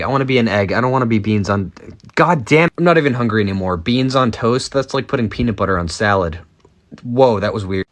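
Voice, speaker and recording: A man in his twenties giving a casual, self-deprecating comedic monologue as a TikTok creator, rambling with quick asides. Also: on the low side, fairly bright tone. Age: 20s.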